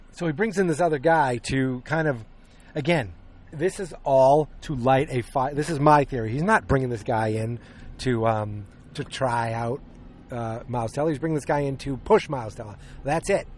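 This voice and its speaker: Podcast host, male, mid-pitched, rambling recap style, faint noise behind. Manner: rambling, many fillers and restarts, acts out scenes. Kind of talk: casual movie review chat.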